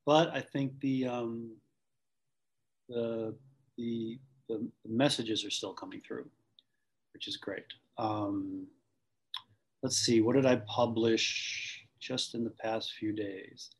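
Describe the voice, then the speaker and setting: A man's voice: mid-range voice, fairly even intonation, slow pace, slightly rough, low-quality recording. A man from the Boston area, an acting coach, talking thoughtfully in an interview with many restarts. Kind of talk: conversational interview.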